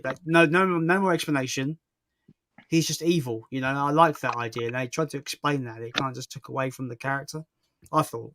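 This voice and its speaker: A man's voice: medium pitch, fairly even intonation, brisk, fairly bright tone. A man hosting a casual live stream, reading out viewer comments and chatting about films with lots of fillers and restarts. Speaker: stream host.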